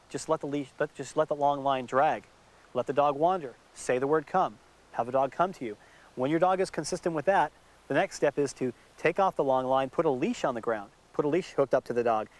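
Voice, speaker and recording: A middle-aged man working as a dog trainer, explaining steps patiently and repeating words for emphasis in an instructional demonstration outdoors. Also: medium pitch.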